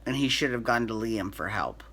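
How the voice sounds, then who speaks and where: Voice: medium pitch, expressive, normal speed, a bit bright, slightly rough. A soap opera recap host giving a chatty, opinionated rundown, with frequent restarts and fillers. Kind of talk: casual chat.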